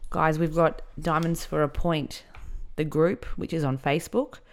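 A woman's voice: sits low, steady tone, unhurried. A woman hosting a podcast, candidly telling a personal story in a conversational way. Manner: candid and conversational, with many fillers. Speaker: podcast host.

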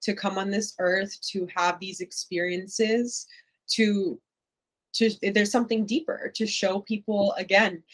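A young adult woman speaks candidly and reflectively as a guest in a casual interview, using many filler words. Her voice is medium-pitched, and the recording quality is low.

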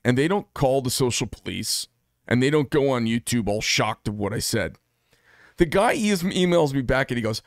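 A man's voice: medium pitch, animated, normal speed, no echo, clean studio sound. Blunt, profane American man. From United States. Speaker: knife maker and channel host. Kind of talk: solo monologue to camera.

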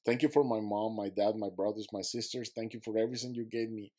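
A man's voice: lowish voice, fairly even intonation, fast, warm tone. A man who is a podcast guest, telling a vivid story and acting out his own quotes, in slightly broken English.

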